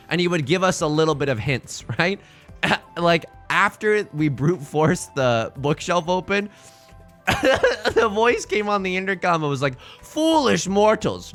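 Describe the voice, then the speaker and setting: Lively, high-voiced young male streamer. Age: young adult. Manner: rambling, self-mocking, laughs often. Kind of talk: casual storytelling while playing a game on stream.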